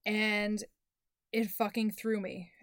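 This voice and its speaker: A woman in her thirties co-hosting a book podcast, telling stories with animated energy and frequent swearing. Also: medium pitch, takes it slowly, no echo, clean studio sound. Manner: animated storytelling, swears freely. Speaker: podcast co-host. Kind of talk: casual book chat.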